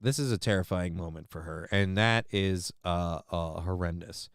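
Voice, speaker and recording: A man riffs through a news story in casual reaction commentary. His voice is smooth and crisp, recorded close and dry. His manner is crude and joking, full of swearing and rambling asides. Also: sits low, moderate pace, dry recording. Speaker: stream host reacting to a news clip.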